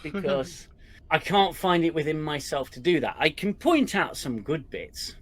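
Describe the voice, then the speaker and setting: A British man reviewing a television episode in a dry, sarcastic way. His pitch moves a lot, which makes the delivery animated. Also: unhurried. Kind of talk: TV review commentary.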